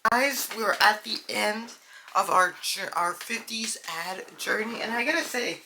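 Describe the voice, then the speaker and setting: A man's voice: sits high, unhurried, gravelly, bright, forceful tone, slight background noise. Rambling young man reacting to old ads. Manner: rambling, filler-heavy, says "dude" and "guys" a lot. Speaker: video host. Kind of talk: casual reaction commentary.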